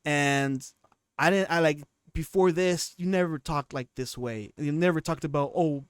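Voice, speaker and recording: A man's voice: on the high side, normal speed, clean tone, no room sound, clean studio sound. A man in his twenties giving casual commentary on his channel, rambling and often restarting his sentences. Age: 20s. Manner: rambling, restarts and repeats himself. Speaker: commentary YouTuber.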